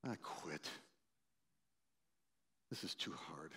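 Pastor, man, 60s, storytelling sermon, lively and shifting in loudness. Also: very slow, husky. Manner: animated, acts out quoted voices loudly, then drops low and quiet.

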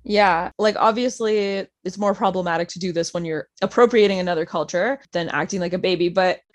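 A woman's voice: lowish voice, brisk. A woman talking as a guest on a podcast, chatting casually and laughing as she tells stories. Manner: laughs often, animated storytelling. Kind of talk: casual chat.

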